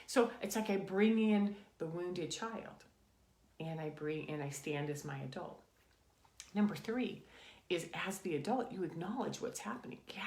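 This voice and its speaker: A woman in her sixties hosting a reflective self-help video, talking earnestly about inner child work and dropping soft and quiet when she guides. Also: fairly low pitch, expressive, normal speed, roomy sound. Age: late 50s to 60s. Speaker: spiritual coach and video host. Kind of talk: casual reflective talk to camera.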